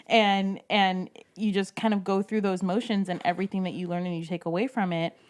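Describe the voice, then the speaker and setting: A woman's voice: mid-range voice, fairly even intonation, brisk. A woman guest on a podcast, speaking in a reflective, earnest way and often adding "you know". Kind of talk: casual conversation.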